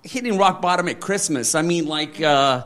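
Man, fairly high voice, rambling candid speaker who acts out quotes. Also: lively intonation, moderate pace, fairly bright tone. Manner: rambling, many fillers and restarts. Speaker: interviewee. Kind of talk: candid conversation.

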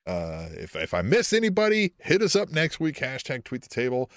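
A man's voice: mid-range voice, wildly swooping pitch, moderate pace, no room sound, clean studio sound. A man co-hosting a casual wrestling podcast, laid-back and swearing freely. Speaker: podcast co-host.

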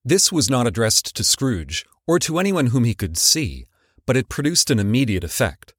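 Man narrating an expressive audiobook. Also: medium pitch, moderate pace, slightly rough, no room sound, clean studio sound.

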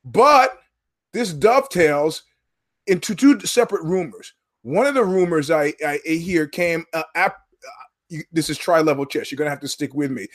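A man's voice: fairly high pitch, normal speed. A man hosting his own podcast, talking alone in a rambling, sardonic, profane way and drifting from one story to the next. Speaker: podcast host. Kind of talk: rambling solo commentary.

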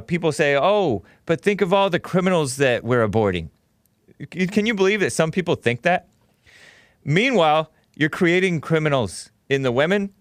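A man's voice: medium pitch, no room sound, clean studio sound. A man hosting a call-in talk show, arguing with and interrupting callers.

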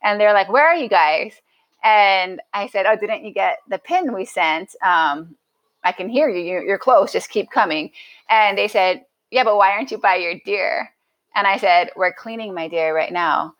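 A woman's voice: medium pitch, moderate pace, highs cut off. A woman sits in as a podcast guest and tells a story in an easy, chatty way. She restarts her sentences often and acts out what people said, her voice bouncing with animation. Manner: animated, lots of restarts and acted-out quotes. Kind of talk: casual storytelling.

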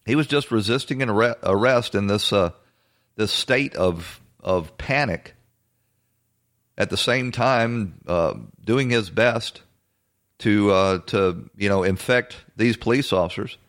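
Blunt, halting male commentator. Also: lowish voice, a bit bright. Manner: halting, with frequent fillers and restarts; blunt and assertive. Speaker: host. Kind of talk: political commentary monologue.

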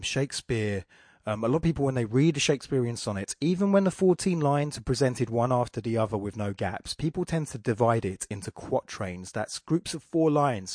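A man's voice: mid-range voice, no room sound, clean studio sound. A man hosting a podcast, giving a loose, rambling talk on poetry with frequent fillers and restarts. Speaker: podcast host. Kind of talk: casual poetry lecture.

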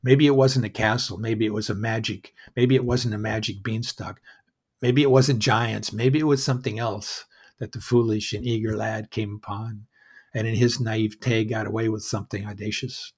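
A man narrating a fairy tale in a measured, wry storytelling manner. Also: lowish voice, steady tone, husky.

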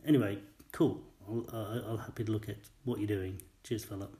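A man's voice: fairly low pitch, steady tone, fairly quick, dark tone. Rambling man in an echoey room. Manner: rambling and apologetic. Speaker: caller leaving a voice message. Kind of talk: casual voice message.

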